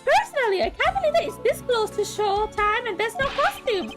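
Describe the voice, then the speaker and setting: A woman's voice: very high voice, big pitch swings, a little fast, loud music behind the voice. A woman voicing a flustered, overly polite male theme-park employee in a game dub who ends his lines with 'sir'.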